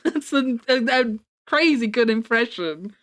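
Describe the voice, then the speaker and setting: A young woman rambles casually to her stream chat. Her fairly high voice swings lively up and down as she talks. She laughs often between her thoughts. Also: unhurried.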